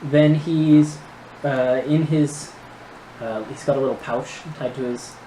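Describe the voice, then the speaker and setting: A man running a tabletop game as dungeon master, narrating in a relaxed, hesitant way with many pauses. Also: medium pitch. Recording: echoey room with background noise.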